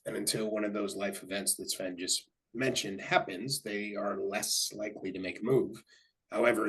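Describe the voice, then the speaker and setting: A man hosting a real estate webinar. His voice is somewhat low and a little husky. He affirms what his guest says and then explains market figures to his audience. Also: fairly bright tone, low-quality recording. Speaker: webinar host. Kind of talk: webinar interview.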